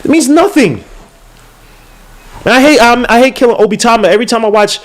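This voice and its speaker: A young man with a high-pitched voice hosts a loose livestream podcast. He rants in a heated, exasperated way, piling up slang, repeats and half-finished restarts. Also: expressive, brisk. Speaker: podcast host. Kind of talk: casual livestream podcast rant.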